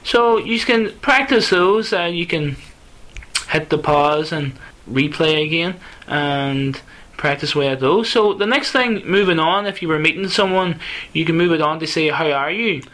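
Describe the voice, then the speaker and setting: A man's voice: fairly high pitch, moderate pace, a bit bright, poor audio. A man hosting a language lesson, asking his co-teacher questions and repeating phrases back. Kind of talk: casual teaching dialogue.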